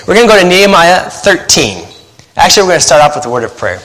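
A man's voice: high-pitched, big pitch swings, fairly bright tone. Chatty male pastor in an echoing hall. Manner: fast-talking habit, deliberately slowing down; chatty, laughs at his own stories. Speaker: pastor and missionary. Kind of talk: sermon with joking asides.

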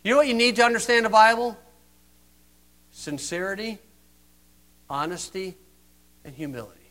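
An older man from the United States delivers a sermon in a high voice. He mocks with heavy sarcasm and swings between loud emphasis and quiet, earnest asides. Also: animated, moderate pace. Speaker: preacher.

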